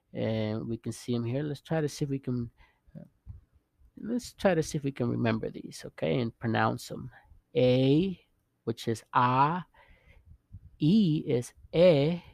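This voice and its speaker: A man's voice: medium pitch, creaky, darkish tone, dry recording. A man teaching a casual video language lesson, patiently repeating sounds and checking in with the viewer. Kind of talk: casual vlog-style lesson.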